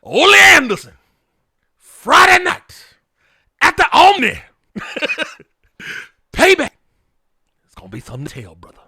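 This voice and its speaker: A man's voice: very high voice, huge pitch swings, unhurried, long pauses, bright, forceful tone, voice pushed up, exaggerated voice. A man putting on a drawling boastful wrestler. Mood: shouting promo. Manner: drawling, with swaggering catchphrases. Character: boastful male pro wrestler impression.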